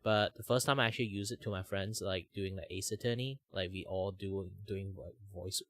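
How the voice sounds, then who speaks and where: Low-voiced man chatting. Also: fairly even intonation, a little fast, fairly bright tone. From Malaysia. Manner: rambling with frequent "like" fillers. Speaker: VTuber streamer, host. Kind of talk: casual chat.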